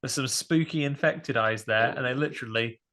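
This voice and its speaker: A man's voice: mid-range voice, normal speed, sharp tone. A man co-hosting a casual film podcast, joking and bantering. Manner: jokey, playful banter. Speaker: podcast co-host.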